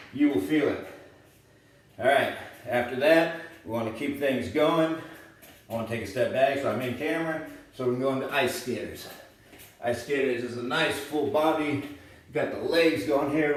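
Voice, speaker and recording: Breathless workout coach in an echoey room. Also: male voice, medium pitch, recorded from a distance, slight background noise. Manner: casual, encouraging, thinks aloud while demonstrating. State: slightly out of breath while exercising. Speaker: fitness coach. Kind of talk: demonstrating a home workout. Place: indoor room, moving around in front of camera. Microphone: camera mic at a distance.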